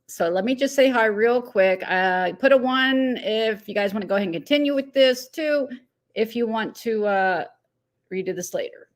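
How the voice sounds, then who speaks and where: A woman's voice: on the high side, normal speed. A woman hosting a casual live stream, chatting loosely, laughing easily and greeting viewers one by one by name. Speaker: livestream host.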